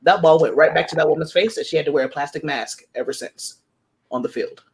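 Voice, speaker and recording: A woman from Texas chatting casually on a group video call, telling animated sports stories and swearing freely. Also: deep voice, quick pace, slight background noise. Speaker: writing sprint participant. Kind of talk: casual chat.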